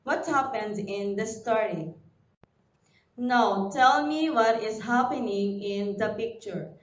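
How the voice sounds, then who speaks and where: A woman from the Philippines with a Filipino accent, teaching a recorded lesson to young pupils and spelling words out letter by letter. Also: a little high. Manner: slow, deliberate classroom delivery, spelling words letter by letter. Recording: dull, roomy sound, voice a bit far from the mic.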